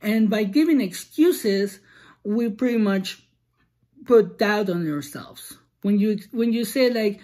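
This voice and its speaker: Mellow-voiced woman giving casual encouragement. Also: medium pitch, moderate pace. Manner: earnest, encouraging, loose with many restarts and "like". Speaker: podcast host. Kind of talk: casual motivational monologue.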